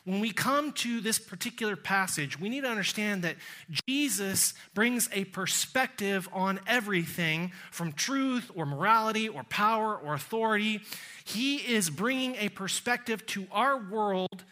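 A middle-aged man with a Texan accent preaching a sermon, telling a travel story with quoted voices and slowing down to stress key words. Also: high-pitched, lively intonation, bright, forceful tone. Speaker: pastor.

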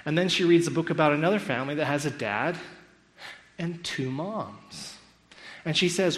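A man retelling a story in an animated talk, acting out the quotes with a sarcastic edge. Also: fairly high pitch, a little fast. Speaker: speaker critiquing a school curriculum.

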